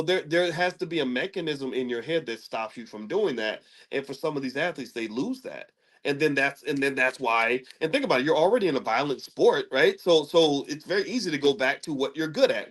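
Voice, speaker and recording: A middle-aged man from Kentucky hosting an opinion commentary, preachy, throwing rhetorical questions at his audience. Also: medium pitch. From Louisville, Kentucky. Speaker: host.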